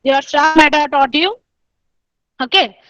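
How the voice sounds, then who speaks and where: A woman's voice: high voice, a little slow, fairly bright tone, no room sound. A woman giving an online engineering lecture, explaining step by step and repeating herself with frequent "okay"s. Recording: dull, dry lo-fi recording.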